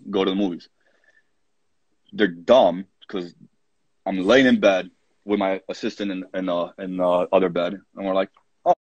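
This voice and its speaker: A man in his thirties from Poland tells stories from his coaching days in a casual interview, acting out what he said with plenty of fillers. His voice sits low and a little husky. The sound is dry and somewhat muffled. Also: dry recording. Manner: animated anecdotes, acts out his own quoted lines, many fillers. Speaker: college soccer coach, podcast guest.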